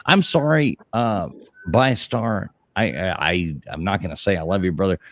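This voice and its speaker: A man's voice: deep voice, normal speed, no room sound. A man hosting a livestream, telling stories in casual, profane chat and laughing often. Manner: animated storytelling, swearing, laughing. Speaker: livestream host.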